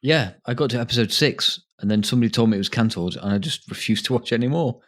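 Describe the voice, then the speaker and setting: A man's voice: mid-range voice, racing. A man co-hosting a casual podcast, trading blunt, sardonic banter. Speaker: podcast co-host. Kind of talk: casual chat.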